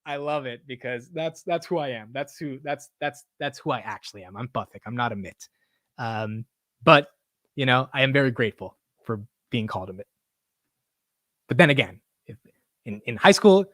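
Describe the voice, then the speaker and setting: A man's voice: on the high side, expressive, fairly quick, fairly bright tone, no room sound, studio quality. A young man hosting a casual livestream, talking in an emotional, rambling way, swearing now and then and repeating himself. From United States. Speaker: livestream host.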